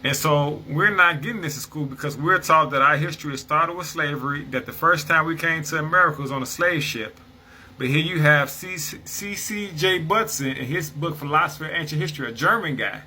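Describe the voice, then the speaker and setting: A man's voice: a little high, brisk, pushed and bright, a little hiss or hum, rough recording. A man reading passages from an old book and explaining them in a casual, conversational way, often checking in with "right?". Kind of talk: casual explanatory talk with read-aloud quotes.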